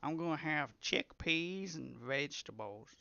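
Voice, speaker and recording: A man's voice: fairly high pitch, expressive, measured pace, gravelly, pushed and bright, no room sound. A young man who develops games, chatting casually on a live stream, rambling and reading chat aloud. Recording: slightly dull, lo-fi stream audio.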